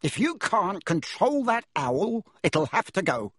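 A man voicing a blustering, bullying middle-aged uncle who roars his words slowly and emphatically. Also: fairly high pitch, big pitch swings, fairly bright tone, no room sound, clean studio sound, pitched above the performer's own voice, full character voice. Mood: angry. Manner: roaring, slow and emphatic.

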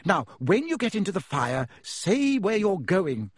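A man's voice: high-pitched, sing-song, a little slow, husky, no room sound, clean studio sound, voice pushed up, full character voice. A man voicing a helpful, eager teenage wizard boy who gives earnest advice. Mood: advising.

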